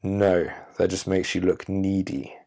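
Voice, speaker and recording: Deep, gravelly man giving a self-help monologue. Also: little pitch movement, dark tone. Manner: emphatic, drawn-out pauses, preachy. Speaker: podcast host. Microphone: audio-only recording.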